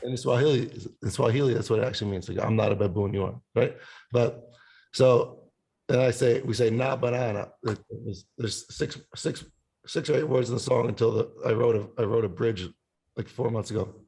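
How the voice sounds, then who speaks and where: A male musician chatting casually on a podcast with a gravelly, creaky edge to his voice. He rambles, swears freely and hums or sings little bits to make his point. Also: medium pitch, fairly even intonation, normal speed, mellow. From Italian family background. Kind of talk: casual chat.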